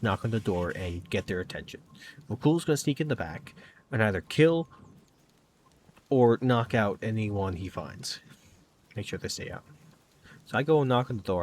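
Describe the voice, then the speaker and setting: A man's voice: on the low side, slight background noise. A man casually recounting a tabletop game session, rambling and filling with "kinda" and "like". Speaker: gaming channel host.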